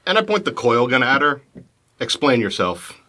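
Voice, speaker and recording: A man's voice: medium pitch, fast. A man playing a tabletop game, talking casually and laughing between lines. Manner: animated, laughs often. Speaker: player.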